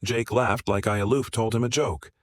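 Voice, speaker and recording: A man narrating a first-person drama story in a steady, measured way. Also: medium pitch, no echo, clean studio sound.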